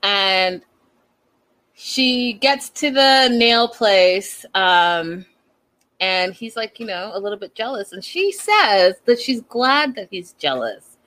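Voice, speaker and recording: A woman's voice: mid-range voice, slow pace, rough recording. Chatty woman recapping reality TV. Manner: animated, incredulous, gossipy. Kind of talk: casual chatty commentary.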